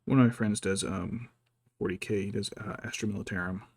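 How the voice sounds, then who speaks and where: A man's voice: fairly low pitch, steady tone, a little fast, breathy edge, no room sound, studio quality. A man chatting casually as he paints miniatures, thinking aloud and muttering to himself. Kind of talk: casual chat while working.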